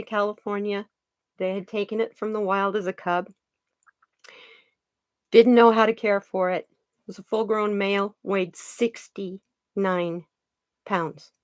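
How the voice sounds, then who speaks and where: A woman's voice: medium pitch, dry recording. A woman hosting a card-reading channel, chatting earnestly and animatedly, with restarts and trailing phrases. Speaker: card reader and channel host. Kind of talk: casual storytelling chat.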